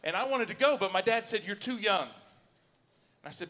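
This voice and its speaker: A man doing a stand-up comedy set, acting out both sides of conversations with lively storytelling. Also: high-pitched, fairly quick. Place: university auditorium before a live audience. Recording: long hall reverb.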